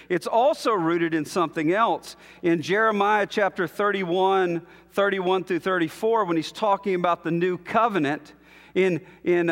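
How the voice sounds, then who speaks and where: A man preaching a sermon as a pastor, measured and emphatic, with long pauses between phrases. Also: high voice, a bit bright, long reverb tail.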